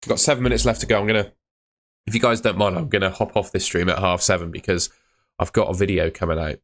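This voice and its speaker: A man's voice: low-pitched, fairly even intonation, fast, fairly bright tone. A young man hosting a live fantasy football stream, chatting casually and answering comments. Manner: casual, chatty, uses mate and fillers.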